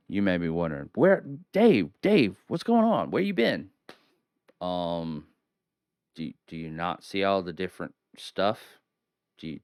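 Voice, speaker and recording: A man's voice: low-pitched, clear, resonant tone, no echo, studio quality. A young man hosting a horror movie review from home, hamming it up as a spooky showman between rambling, casual asides. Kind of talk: theatrical solo video review. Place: home at night.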